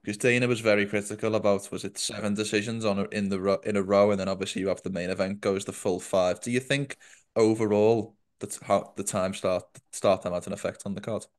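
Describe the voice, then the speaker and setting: This interview host speaks in a fairly low, fairly quick voice with little rise or fall in pitch. Friendly and attentive, he asks long questions and offers many short, murmured acknowledgements of agreement.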